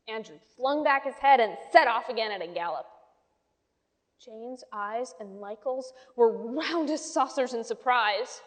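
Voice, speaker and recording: A woman reading a children's story aloud with lively, expressive storytelling. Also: a little high, a little slow. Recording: long hall reverb.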